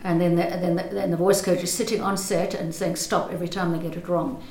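A woman's voice: lowish voice, level tone, quick pace, mellow, echoey room, a little hiss or hum. An older South African woman with a South African accent, an actress speaking in an interview, thoughtful and hesitant with frequent restarts.

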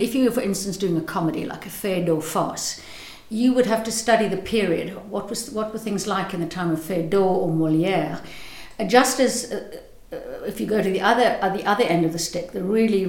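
Actress lady talking craft, thoughtful and articulate, restarts a lot, mid pitch, echoey room. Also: normal speed, hardly any pauses, a little mellow. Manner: thoughtful, articulate, repeats words while searching. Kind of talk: interview answers.

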